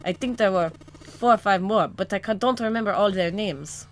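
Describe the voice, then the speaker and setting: A woman's voice: mid-range voice, soft background music, close to an everyday voice. A woman reading as a confused amnesiac ex-cop. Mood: urgent. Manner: halting, searching for words. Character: grown man, a troubled amnesiac ex-cop. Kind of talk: reading a visual novel aloud.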